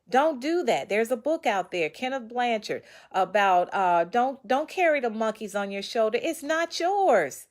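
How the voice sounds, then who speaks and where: Folksy, preachy woman author with a fairly high voice. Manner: folksy and preachy, talks straight to her viewers. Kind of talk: casual motivational talk to camera.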